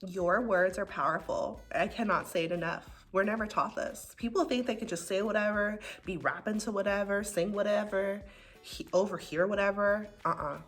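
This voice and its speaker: A woman's voice: medium pitch, normal speed. A young American woman telling personal stories in a casual, earnest way, leaning heavily on "like" as she talks to her viewers. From United States. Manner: chatty, earnest, filler-heavy with frequent "like". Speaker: spiritual vlogger. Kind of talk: casual heartfelt storytelling. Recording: soft music in the background.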